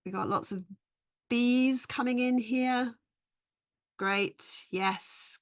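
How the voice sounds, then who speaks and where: A woman leading a live webinar for teachers, explaining activities clearly and patiently, modelling stress patterns slowly. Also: a little high. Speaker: English teacher trainer.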